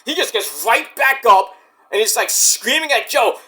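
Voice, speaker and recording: Excitable, foul-mouthed male wrestling reviewer. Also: extremely high pitch, unhurried, breathy edge. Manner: excitable, profane, storytelling rant. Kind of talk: casual recap commentary.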